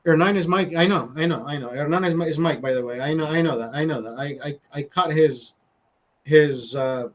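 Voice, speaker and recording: A livestream host with a slightly high, brisk voice tells a long story in casual, profane chat. He rambles, repeats himself and breaks off mid-sentence.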